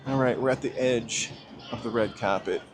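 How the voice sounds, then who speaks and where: A man's voice: medium pitch, normal speed. A man hosting a casual walking livestream outdoors, chatting in a rambling, self-deprecating way. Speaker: livestream host. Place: outdoors on a busy city street. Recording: outdoor street noise clearly audible. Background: street ambience and passing traffic.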